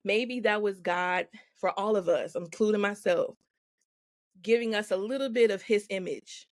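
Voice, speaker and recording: A woman's voice: mid-range voice, moderate pace, dry recording, clean studio sound. A woman guest in a casual faith chat on a podcast, laughing often as she talks. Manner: laughs often, acts out quoted voices.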